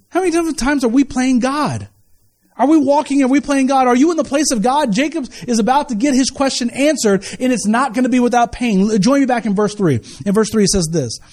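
A male pastor with a fairly high voice preaches with lots of energy. He chats with the congregation, throws in quick asides and acts out little scenes. He sounds middle-aged. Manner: animated, conversational preaching with asides and quick retellings. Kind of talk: sermon.

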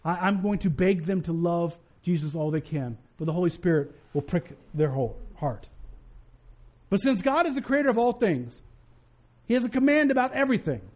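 A male pastor preaching a sermon with fervent, emphatic delivery. His voice is unusually high for a man, and he leans on dramatic slowdowns to drive his points home. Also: very animated.

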